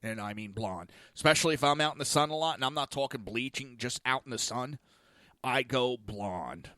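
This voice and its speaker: A man hosting a talk podcast, delivering a blunt, crude monologue that swings between loud ranting and low, muttered asides. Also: moderate pace, dry recording, clean studio sound. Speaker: podcast host. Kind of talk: opinionated talk show monologue.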